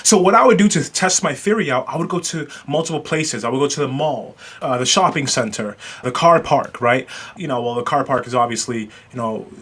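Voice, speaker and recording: An American man hosting a solo podcast, speaking casually with frequent filler pauses and hesitations. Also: medium pitch, lively intonation, fairly bright tone, breathy edge. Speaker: podcast host.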